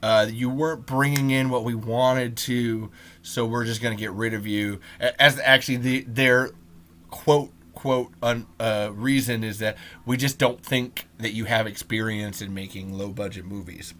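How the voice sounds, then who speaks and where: Male solo podcaster, mid-pitched, rambling and profane, heavy on fillers. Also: fairly even intonation, normal speed, fairly bright tone. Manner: rambling, profane, lots of ums and restarts. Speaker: podcast host.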